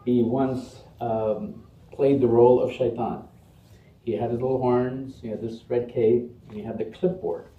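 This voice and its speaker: A man's voice: medium pitch, steady tone, unhurried. A man delivering a Friday sermon in a mosque, speaking earnestly in rhythmic, building lists. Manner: earnest, rhythmic listing with rising emphasis. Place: mosque prayer hall. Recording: echoey hall, distant muffled mic.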